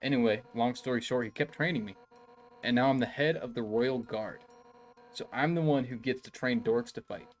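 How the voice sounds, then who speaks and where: A man's voice: mid-range voice, normal speed, soft background music, natural voice. Undyne, a brash fish warrior captain, read by a man. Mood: boastful, casual. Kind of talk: reading game dialogue aloud on a live stream.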